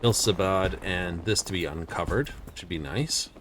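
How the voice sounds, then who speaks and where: A man's voice: low-pitched, normal speed, background noise. A man streaming a video game, rambling and thinking aloud as he studies the map. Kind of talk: casual game-stream commentary.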